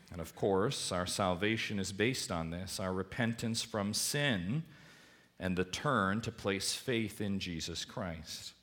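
A man delivering a sermon in a somewhat low voice. He preaches with emphasis, lifting his voice high on key points, then letting it sink low as each line closes. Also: fairly bright tone. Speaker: pastor.

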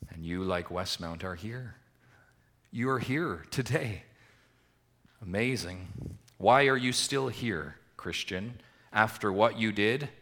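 A man preaching a sermon to his church congregation, asking rhetorical questions and swinging between emphatic swells and quiet drops. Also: lowish voice, animated, slow pace, pauses often. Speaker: pastor.

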